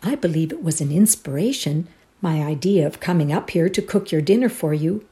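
Happy kind young niece, eager and gushy, mellow voice, read by a woman. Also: low-pitched, animated, brisk. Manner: bright, eager, gushing.

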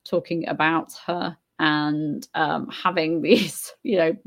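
A woman talking casually to viewers on a live stream. Her voice sits low and has a gravelly edge of vocal fry. She thinks aloud, pausing on fillers and restarting her sentences. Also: steady tone. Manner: hesitant, many fillers and restarts, thoughtful. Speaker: live-stream host answering viewer comments. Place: home in Spain.

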